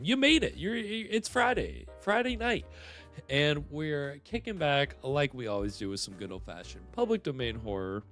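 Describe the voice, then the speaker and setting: A man's voice: on the high side, very animated, moderate pace, bright, forceful tone, soft background music. A man hosting a livestream, chatting casually and rambling with lots of fillers. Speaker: livestream host. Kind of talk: casual chat.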